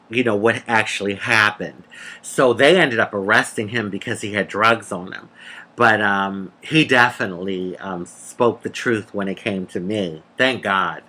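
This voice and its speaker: A woman telling a personal story in a casual, animated, sassy way, calling the listener honey and laughing between lines. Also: a bass voice, measured pace. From United States. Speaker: vlogger.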